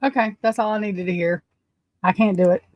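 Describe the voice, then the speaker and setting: A woman's voice: medium pitch, fairly quick, darkish tone. A woman casually commenting on a crime case, blunt and exasperated, swearing freely.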